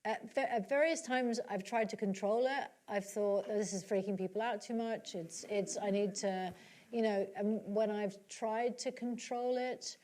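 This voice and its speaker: Onstage at a literary event that includes audience questions, a woman with British English speech talks hesitantly, restarting often and using plenty of fillers. Her voice has a warm tone, medium pitch, fairly even intonation and moderate pace.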